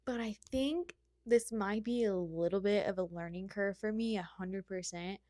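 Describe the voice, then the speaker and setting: A woman's voice: mid-range voice, normal speed, warm tone, no echo, studio quality. A young woman hosting a podcast, chatting casually about motherhood in a rambling, heartfelt way. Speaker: podcast host. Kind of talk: casual solo chat.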